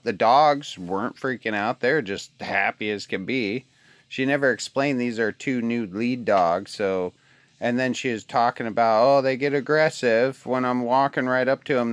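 A man's voice: mid-range voice, dry recording. A man from Alaska venting to his wife in a phone video message, heated, swearing constantly and repeating himself. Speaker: husband sending a video message. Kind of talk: profane venting rant.

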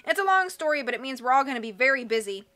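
A woman voicing a gruff, scornful hook-handed henchman who barks orders in a storybook reading. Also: high voice, animated, rapid-fire, pushed and bright. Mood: bossy. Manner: barking orders, sneering.

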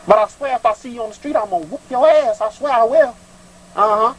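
High-voiced man hosting a call-in show. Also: fast, a bit bright, a little hiss or hum, rough recording. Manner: preachy, rambling, hollering rants; crooning, flirty with callers. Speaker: call-in show host giving readings.

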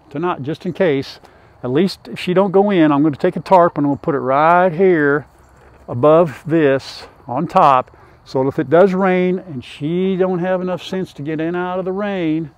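An older man vlogs from his farm, chatting folksily to his chickens and his viewers outdoors beside a pen, wearing a lapel mic. His voice is a little high and a little mellow, and the audio is dull.

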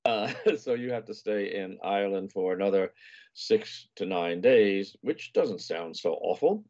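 Older male guest, low mellow voice, rambling anecdote, muffled lo-fi audio. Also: lively intonation, measured pace. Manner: meandering, with many fillers and restarts. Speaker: guest, food and travel writer. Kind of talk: casual storytelling chat.

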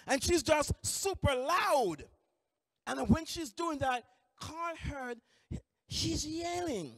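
A man giving a training lecture, telling lively stories with frequent restarts. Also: very high-pitched, takes it slowly, no echo, raised voice, clean studio sound, big-room sound. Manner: animated storytelling, many restarts. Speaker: employment trainer.

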